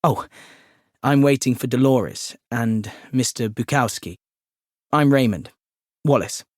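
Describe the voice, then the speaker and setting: A man's voice: medium pitch, slow pace, darkish tone, no echo, clean studio sound, close to an everyday voice. A man voicing a polite, apologetic young Englishman. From England.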